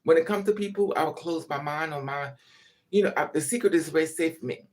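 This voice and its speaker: A vlogger whose voice sits on the high side speaks a little fast to the camera. He recounts candid family stories in a personal monologue, blunt and profane, stressing his points and wandering into frequent asides.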